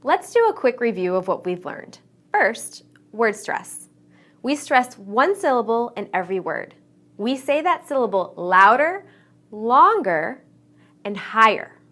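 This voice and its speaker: A fairly high-voiced woman narrates an English pronunciation lesson. Her pitch swings widely as she stresses key words clearly and deliberately, in a scripted teaching tone. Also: big pitch swings.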